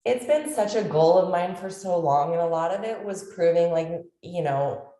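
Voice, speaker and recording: A woman telling a personal story as an interview guest, halting with many fillers and restarts, choked up at times. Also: fairly low pitch, dark tone, reverberant.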